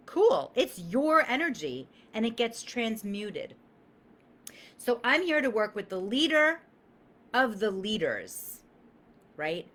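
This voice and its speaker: Lively, swearing woman coach live-streaming. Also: medium pitch, slight background noise. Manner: emphatic, swears freely, acts out quoted voices.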